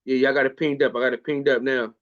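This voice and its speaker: A man's voice: mid-range voice, flat delivery, fast talker. Loose-talking man, muffled stream audio. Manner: loose, profane, repetitive. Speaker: host. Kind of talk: casual live-stream chat.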